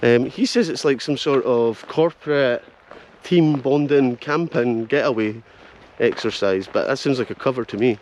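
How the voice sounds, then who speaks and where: A Scottish man hosting a casual travel vlog outdoors, narrating excitedly and joking as he walks around a festival campsite. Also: medium pitch, normal speed, few pauses. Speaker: vlogger host. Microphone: handheld camera. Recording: outdoor camera audio with steady noise.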